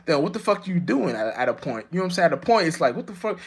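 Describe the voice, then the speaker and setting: A man's voice: very animated, very fast, slightly rough. A man delivering a rambling, profane spiritual monologue to the camera, full of restarts and constant "you know what I'm saying.". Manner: jumps high and loud when acting out his own outbursts. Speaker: vlogger.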